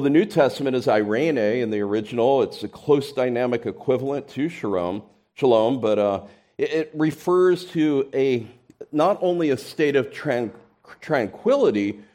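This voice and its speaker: A man preaching a sermon, talking conversationally with frequent restarts, then rising into loud emphatic peaks and dropping into soft asides. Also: medium pitch, moderate pace. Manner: conversational, repeats words and restarts. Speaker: pastor.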